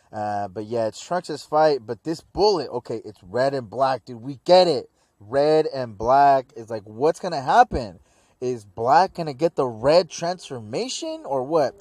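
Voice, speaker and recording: A man's voice: medium pitch, very animated, a little slow, darkish tone, dry recording, clean studio sound. A man giving a casual, rambling anime episode review, full of slang like dude and man.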